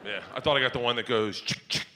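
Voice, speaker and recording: A middle-aged man doing stand-up comedy on stage, telling a story loudly and excitably, breaking into yelled punchlines. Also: mid-range voice, rapid-fire, slight background noise. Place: stage before a live audience. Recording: live show with loud crowd laughter.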